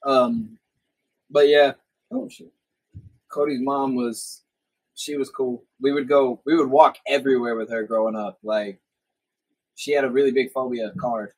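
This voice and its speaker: A man's voice: medium pitch, steady tone, unhurried, pauses often, slightly rough, poor audio. A young man hosting a podcast, telling rambling, profanity-laced stories from his youth in casual chat. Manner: swears a lot, rambling anecdotes. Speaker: podcast host.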